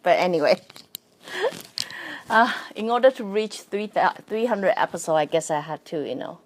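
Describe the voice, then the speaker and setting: A woman's voice: lowish voice, sing-song, a little slow, pauses often, noisy background. A woman, a non-native English speaker, hosting a casual solo podcast as a psychic and spirit coach. She talks in a chatty way, laughs often and keeps asking "right?". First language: not English.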